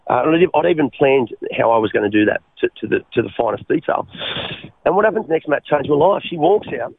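An Australian man telling his life story as an interview guest, halting and repeating his words, often calling the host mate. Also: medium pitch, expressive, vocal fry, slightly rough, dry recording. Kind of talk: personal testimony in an interview. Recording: phone-like narrow line.

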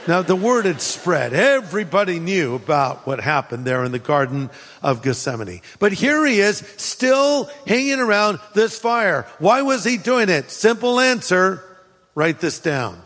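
A pastor from California with a Californian accent, preaching a sermon in a conversational, humorous storytelling manner. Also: male voice, sits high, expressive, unhurried, fairly bright tone, long reverb tail.

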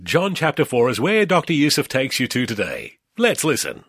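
Male radio announcer with husky voice. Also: medium pitch, wildly swooping pitch, normal speed, fairly bright tone, no echo. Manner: friendly direct address to listeners. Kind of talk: scripted program introduction.

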